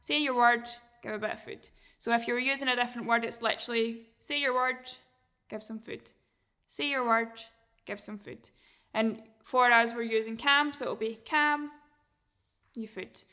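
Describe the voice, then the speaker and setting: A woman dog trainer explaining a training method in a relaxed, chatty way, sometimes acting out how a dog reacts. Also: a little high. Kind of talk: casual instruction.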